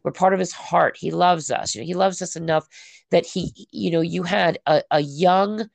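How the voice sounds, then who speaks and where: A woman with a low, gravelly voice tells stories about her faith with animated energy and acts out her own prayers. The sound is close and dry. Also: normal speed, dry recording. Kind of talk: casual faith conversation.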